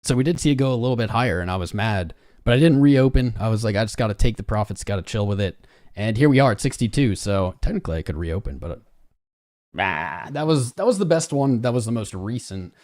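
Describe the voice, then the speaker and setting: A man with a fairly low voice hosts a live crypto trading stream. He talks in a loose, chatty way and greets viewers by name between chart reads. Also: animated, fast, darkish tone. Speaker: crypto trading livestream host. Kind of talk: casual live-stream chat.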